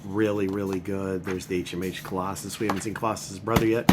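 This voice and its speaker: A man's voice: low voice, flat delivery, fast, hardly any pauses, heavy background noise. A man giving a casual, rambling spoken review of a comic book, padding his talk with filler words.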